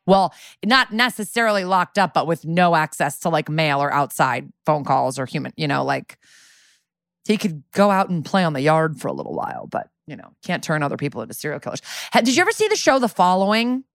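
A woman's voice: sits low, very animated, brisk, no echo, studio quality. Chatty woman podcast co-host. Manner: chatty, lots of "like" fillers. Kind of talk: casual chat.

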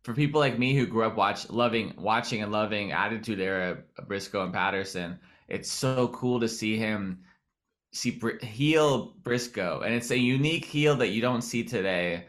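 A man's voice: fairly low pitch, normal speed, fairly bright tone. A man hosting a casual chat who asks questions and jokes with his guests. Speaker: podcast host, comedian.

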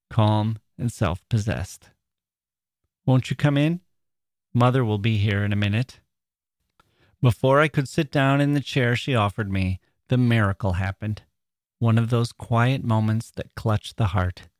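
A man with a fairly low voice hosts a literature podcast, reading a novel aloud and then reflecting on it. He speaks in a measured, thoughtful way and sometimes stops to hunt for the right words. The recording is close and dry, with no room echo. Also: a little mellow.

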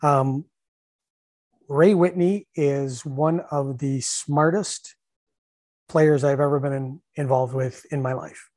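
A middle-aged man and former hockey coach telling stories in casual chat, animated, laughing often and acting out what people said. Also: medium pitch, takes it slowly, dry recording. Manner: animated storyteller, laughs often, acts out shouted bench calls.

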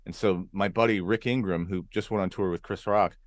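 A man from Arizona, a comedian guest, telling stories in a casual podcast chat with an animated delivery, now and then jumping into voices. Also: low-pitched, fairly quick. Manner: animated storyteller, jumps into character voices.

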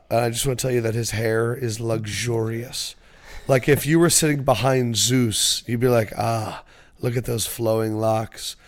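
Animated, swearing young man telling stories. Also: mid-range voice. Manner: animated storyteller, swears freely. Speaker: sports podcast host. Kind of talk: casual sports chat.

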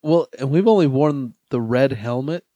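A man co-hosting a casual sports talk show, agreeable and quick to laugh. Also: medium pitch, expressive, dark tone, no echo. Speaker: co-host.

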